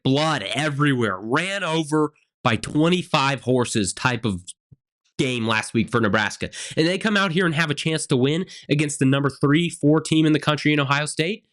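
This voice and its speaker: A man's voice: on the high side, fairly bright tone. A man hosting a college football reaction show, talking emphatically and repeating phrases for effect. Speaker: sports show host.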